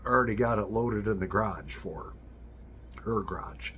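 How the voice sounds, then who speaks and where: A man's voice: fairly low pitch, a bit bright, slight background noise. A man telling a casual personal anecdote in a rambling way, with lots of fillers and restarts. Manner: rambling, with many fillers and restarts, drawn-out delivery. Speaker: storyteller.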